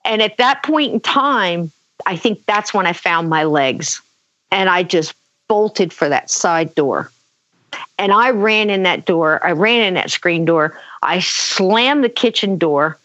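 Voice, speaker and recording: Animated woman telling a spooky story. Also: on the low side, slow, dry recording. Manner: animated, acts out quotes, many fillers. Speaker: guest telling a personal story. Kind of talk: conversational storytelling. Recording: dull lo-fi dry sound.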